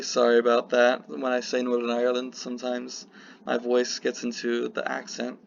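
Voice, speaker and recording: A man's voice: medium pitch, completely flat delivery, normal speed, vocal fry. A man giving casual political commentary in a vlog, rambling and breaking off with apologetic asides. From United States. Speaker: political vlogger. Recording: slightly muffled with faint hiss.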